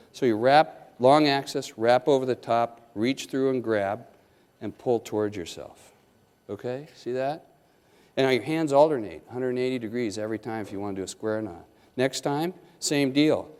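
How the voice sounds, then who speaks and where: In a lecture hall full of people, a surgeon demonstrates knot tying hands-on, joking in a folksy way and checking in again and again with "okay?" as he coaches each step. His mid-range voice has a darkish tone at normal speed, and the hall's reverb rings long.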